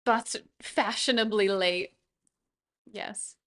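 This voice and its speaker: A woman's voice: medium pitch, steady tone, slow pace, fairly bright tone. A young woman from New York State chatting casually with viewers on a live stream while she paints, laughing often and muttering to herself. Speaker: livestreamer.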